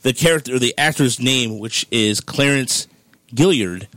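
A man in a casual film chat, rambling with halting sentences. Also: medium pitch, fairly bright tone, dry recording.

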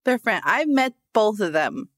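A woman's voice: medium pitch, sing-song, measured pace, faint music behind. A woman co-hosting a podcast in casual chat, giggly and prone to rambling tangents. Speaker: podcast co-host.

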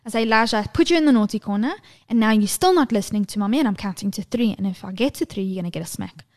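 A woman, co-hosting a podcast and telling lively, sweary stories about her toddler. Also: mid-range voice, very fast. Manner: animated storyteller, swears freely, mimics her toddler's voice. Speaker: podcast co-host. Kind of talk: casual podcast chat.

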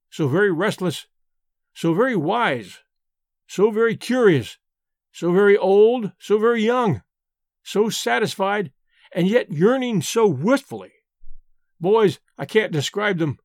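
A man's voice: high voice, dry recording, studio quality. A man reading an old male drinker who tells a wistful yarn in an earnest, solemn way, for an audiobook.

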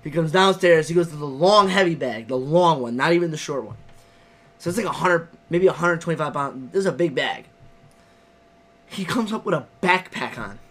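Young male co-host, fairly high voice, animated storyteller who curses freely. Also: normal speed. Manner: animated, profane, acts out his own reactions. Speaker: podcast co-host. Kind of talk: casual chat.

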